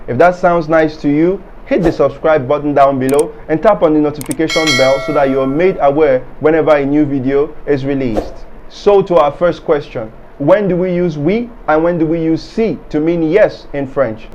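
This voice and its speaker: Mellow-voiced man teaching French. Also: a little high, dull audio, slight background noise. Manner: clear, measured delivery with repeated example phrases. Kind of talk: scripted language lesson.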